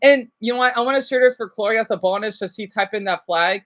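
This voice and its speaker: A woman live-streaming, chatting casually to her viewers in a rambling, excitable way, full of fillers. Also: on the high side, quick pace, hardly any pauses.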